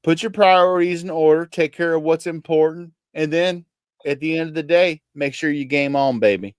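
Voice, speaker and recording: A man's voice: on the high side, moderate pace, clean tone, no room sound, studio quality, lightly acted. A man with a thick Kentucky country accent, playing a folksy country man giving homespun advice in a drawling, preachy way.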